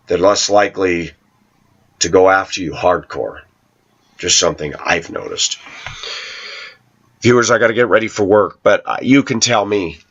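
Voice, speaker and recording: A low-pitched man hosts his own YouTube channel, rambling sarcastically about things that happened at work in a casual talk to the camera. The audio is dull.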